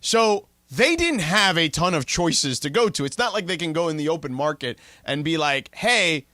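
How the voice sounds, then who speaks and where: A man hosting a sports radio show, arguing his points in lively banter and checking in with "right?" and "okay?". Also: a little high, normal speed, dry recording, studio quality. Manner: animated, argues points with rhetorical "right?". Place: radio studio.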